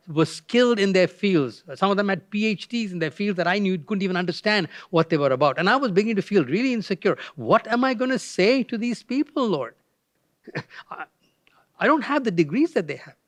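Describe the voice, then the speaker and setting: A man's voice: on the high side, dry recording. An older retired pastor preaching a guest sermon, telling a personal story in a conversational way and acting out the voices he quotes.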